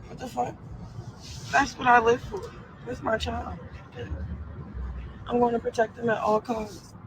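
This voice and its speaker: A woman's voice: a little high, little pitch movement, measured pace, noisy background. A young woman ranting on a live stream, defiant and profane, full of fillers. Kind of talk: casual live-stream rant.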